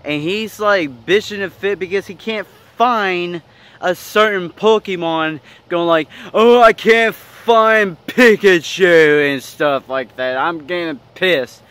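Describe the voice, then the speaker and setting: A man's voice: high voice, unhurried, a bit bright, clean tone. A man narrating and filming a casual comedy skit, exasperated, swearing and questioning.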